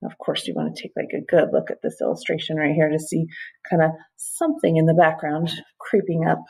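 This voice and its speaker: A school librarian reads a picture book to children in a chatty, playful way, dropping casual asides between pages. Her voice is low for a woman, gravelly and a little husky. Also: a little fast, warm tone, rough recording.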